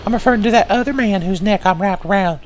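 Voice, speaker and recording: A man's voice: high voice, fast, slight background noise, pitched above the performer's own voice, natural voice. A man voicing a clingy, overfriendly ghost man who hangs around someone's neck, with a creepy, sing-song manner. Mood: wounded.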